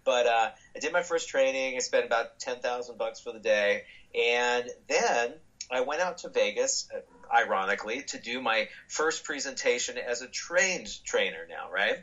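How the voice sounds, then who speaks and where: A man being interviewed as a guest, telling animated stories with frequent restarts and acted-out dialogue. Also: mid-range voice, moderate pace, dull audio. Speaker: guest speaker. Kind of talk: storytelling interview answers.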